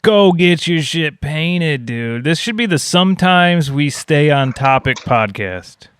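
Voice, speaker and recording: A man's voice: fairly high pitch, lively intonation, takes it slowly, fairly bright tone, clear, resonant tone. A young adult man co-hosting a podcast in casual chat, rambling and joking and swearing freely. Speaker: podcast co-host.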